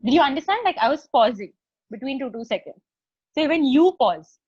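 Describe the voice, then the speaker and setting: A woman with an Indian English accent coaches a group during a live video-call session, chatty and step-by-step, checking in with them often. Her voice is high-pitched, animated, brisk, a little mellow and a little husky, sitting close and dry with no echo. Dull, lo-fi call audio carries it.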